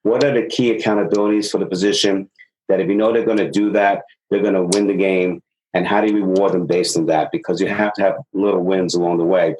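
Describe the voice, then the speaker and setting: A man's voice: deep voice, rough recording. A middle-aged man, a sales consultant being interviewed, explaining ideas with energy and acting out dialogue from stories. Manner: energetic, acts out quoted dialogue. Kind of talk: interview podcast conversation.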